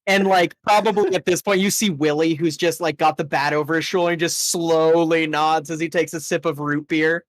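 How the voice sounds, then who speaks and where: A man's voice: a little high, steady tone, moderate pace, hardly any pauses. A man narrating as game master, enthusiastic and a bit rambling.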